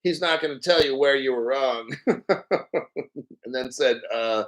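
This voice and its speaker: A man's voice: medium pitch, measured pace. A man hosting a live stream, ranting in disbelief with frequent laughter and swearing. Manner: incredulous, laughs often, swears. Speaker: livestream host. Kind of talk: live commentary rant.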